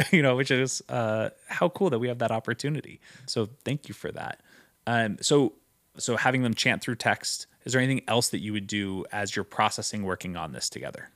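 A man of middle pitch hosting a casual interview about choral teaching. He sounds enthusiastic and laughs often, and the recording is dry and close. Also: a bit bright, dry recording. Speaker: interview host, choral educator.

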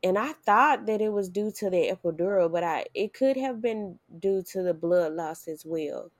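A young woman tells a personal story in a casual, animated way, her voice leaping up when she acts out what she said. Her pitch sits in a middle range. The recording is dry and close, with no room sound. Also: normal speed, dry recording. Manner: animated, expressive, jumps high when quoting herself. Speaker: mother telling her birth story.

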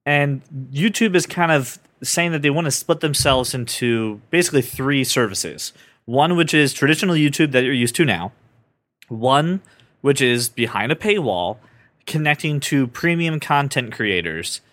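A man hosting a casual podcast, joking around and talking in an animated, self-interrupting way. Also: medium pitch, moderate pace. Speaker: podcast host.

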